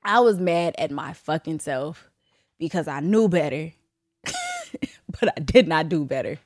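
A young woman hosting her own podcast, talking candidly and bluntly with lots of swearing and laughter, her voice jumping from loud bursts to low asides. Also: huge pitch swings, unhurried, dry recording, clean studio sound. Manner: blunt, profane, laughing often. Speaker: podcast host. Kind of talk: candid solo podcast talk.

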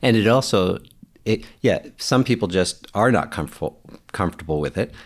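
A man talking in a relaxed, earnest way about parenting and mentoring, often quoting people. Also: fairly low pitch, moderate pace. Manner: earnest, reflective, quotes others in animated voices. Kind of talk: casual conversation.

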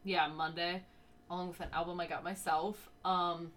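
A woman's voice: on the low side, little pitch movement, moderate pace, a bit bright. A young woman co-hosting a casual, unscripted podcast, chatty and rambling, laughing often and talking through the hiccups. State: has the hiccups. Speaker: podcast co-host.

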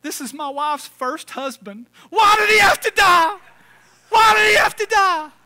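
A pastor voicing a distraught grown man who sobs and shouts at a graveside. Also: moderate pace, gravelly, heavy background noise. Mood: wailing anguish. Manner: shouting, sobbing, high-pitched wailing.

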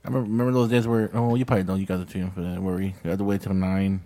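A man's voice: sits low, flat delivery, racing, dark tone. A man in his thirties hosting a casual podcast, rambling and nostalgic as he tells stories. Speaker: podcast host. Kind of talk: casual chat.

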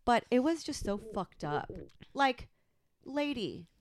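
A woman in her thirties telling a story in casual chat, animated and profane, acting out the quotes. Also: a little high, takes it slowly. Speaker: podcast co-host.

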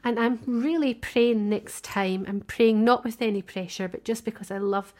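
A woman's voice: fairly high pitch, moderate pace. A woman co-hosting a podcast in casual chat, talkative, laughing often and restarting her sentences. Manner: chatty, warm-hearted, laughs often, many restarts. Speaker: podcast co-host. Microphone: remote call.

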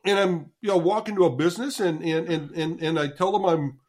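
A man in his sixties, a marketing consultant telling a story as a podcast guest, animated, often stumbling and repeating words, swearing casually. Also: fairly high pitch, a little fast.

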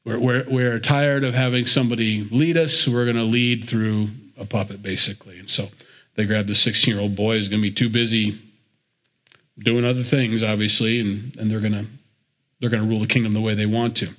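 A man's voice: fairly low pitch, flat delivery, a little fast, fairly bright tone. A man giving a conversational Bible teaching, chatty and digressive, with repeated words and chuckles.

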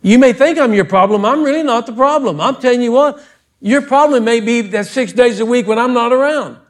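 A male pastor with a notably high voice preaches in a church. His delivery is scolding and fervent, swinging from low rebukes to loud, insistent calls. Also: fairly quick. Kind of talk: sermon. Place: church sanctuary.

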